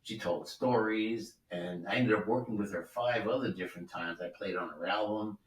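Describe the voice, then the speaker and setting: A man's voice: on the low side, normal speed. A man in his seventies, a record producer, telling rambling anecdotes in an easygoing way with many asides. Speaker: record producer and guest musician. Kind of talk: relaxed anecdotal storytelling. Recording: roomy sound, distant from the mic.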